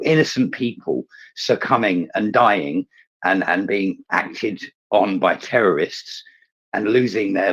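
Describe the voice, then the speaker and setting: A man speaks in a rough, husky voice on the low side. He rants with mounting anger and swears freely. The audio is dull and lo-fi, like an online call. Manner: angry, fuming; swears heavily. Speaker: participant in a live audio chat space. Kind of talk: impassioned rant. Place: remote online audio room.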